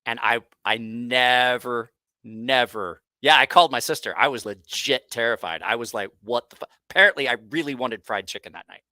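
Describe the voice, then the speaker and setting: A man's voice: medium pitch, moderate pace, sharp tone, no echo. A man hosting a casual livestream, telling a rambling, profane story with frequent restarts. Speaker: host.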